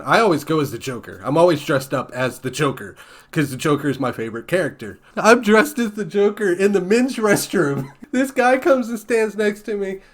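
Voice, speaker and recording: A young man hosting a casual TV reaction video, telling a lively story and laughing often. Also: medium pitch. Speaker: reaction channel host.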